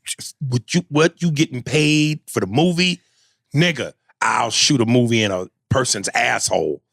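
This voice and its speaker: A man's voice: medium pitch, creaky, fairly bright tone, husky, no echo, studio quality. A man co-hosting a podcast in casual comedic chat, crude and joking. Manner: crude, joking, quick to riff. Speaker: podcast co-host.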